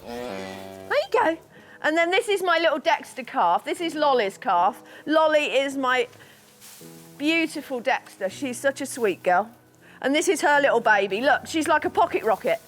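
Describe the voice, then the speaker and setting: A woman's voice: sits high, big pitch swings, normal speed, faint music behind. A middle-aged English woman farmer talking casually and with feeling about her animals. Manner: chatty, emotional, talks softly to animals. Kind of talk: casual chat on a farm.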